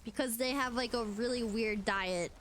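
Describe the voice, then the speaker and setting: A woman's voice: fairly high pitch, normal speed, fairly bright tone, a little hiss or hum. A young woman streamer chatting casually to her viewers, giggling often and leaning on fillers like "like" and "um".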